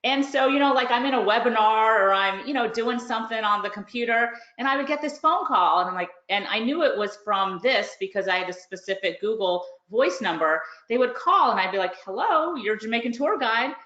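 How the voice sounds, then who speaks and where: A woman's voice: fairly high pitch, brisk, few pauses, bright, forceful tone. A woman casually telling a story on a webinar, chatty and laughing, acting out the phone calls she got. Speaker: course reviewer and online business host. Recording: roomy, dull lo-fi webinar audio.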